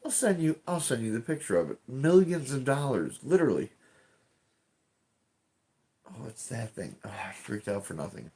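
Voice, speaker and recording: A man's voice: mid-range voice, very animated, normal speed, long pauses, dark tone, husky. A man streaming from home, chatting casually and rambling, swearing often and restarting his sentences. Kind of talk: casual live-stream chat.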